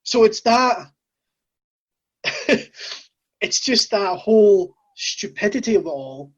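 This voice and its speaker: A Scottish woman hosts a relaxed chat, joking and quick with asides. Her voice is husky and sits mid-range. The sound is dull and lo-fi. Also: mid-range voice. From Scotland. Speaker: host. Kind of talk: casual interview chat.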